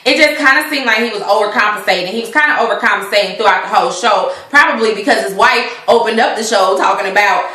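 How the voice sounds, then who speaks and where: A woman's voice: mid-range voice, fast, hardly any pauses, sharp tone, roomy sound. A woman vlogger giving a casual, opinionated recap of a reality show, chatty and indignant, with many fillers and restarts.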